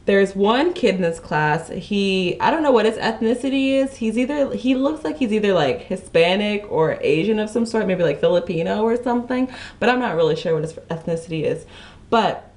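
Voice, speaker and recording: A woman's voice: medium pitch, lively intonation, moderate pace, darkish tone. A young woman with a Kentucky accent telling a rambling story to her vlog, full of restarts and "like.". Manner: rambling, many restarts, lots of "like". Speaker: vlogger.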